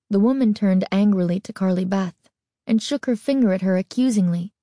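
A woman narrating a spooky story as an audiobook, expressive and suspenseful. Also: mid-range voice, brisk, no room sound, studio quality.

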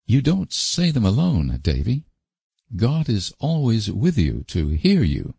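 A man voicing a gentle, kind young woman who talks to a child patiently in a storybook reading. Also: lowish voice, huge pitch swings, takes it slowly, creaky, breathy edge, no echo, pitched above the performer's own voice, full character voice. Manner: soft, patient, coaxing.

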